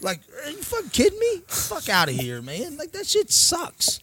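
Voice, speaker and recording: A man's voice: extremely high pitch, wildly swooping pitch, moderate pace, pushed and bright. A man with a New Orleans accent, a co-host ranting profanely in casual sports banter.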